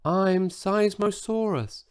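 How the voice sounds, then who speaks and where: A man's voice: high voice, slow, smooth, voice pushed up. Man doing a tiny-voiced shy giant dinosaur. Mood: meek. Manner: soft, meek and pleading.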